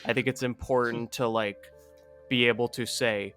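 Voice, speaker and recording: A man's voice: mid-range voice, fairly even intonation, moderate pace, fairly bright tone, faint music behind. A young man co-hosting a casual podcast chat, talking loosely with lots of "like" and casual swearing. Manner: casual, swears freely, peppered with "like". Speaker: podcast co-host.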